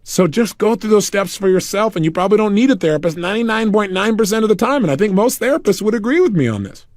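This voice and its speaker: A man with a high voice races through a motivational story for an audio program, animatedly acting out the people he quotes. The studio-quality recording has no echo.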